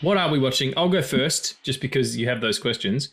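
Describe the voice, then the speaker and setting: A man co-hosts a casual film podcast. His voice sits at an ordinary middle pitch, and he rambles in a loose, chatty way with plenty of fillers and cheerful swearing. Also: animated, a little fast, creaky, fairly bright tone, faint music behind. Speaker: podcast co-host.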